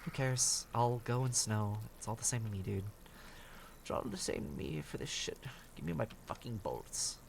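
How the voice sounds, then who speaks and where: A man rambles through a survival game stream, grumbling, swearing and mocking himself as he plays. His voice is rough and gravelly, and his pitch jumps around a lot. A faint hum of noise sits behind him. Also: lively intonation, normal speed. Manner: grumbling, profane, self-mocking. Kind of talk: casual gameplay commentary.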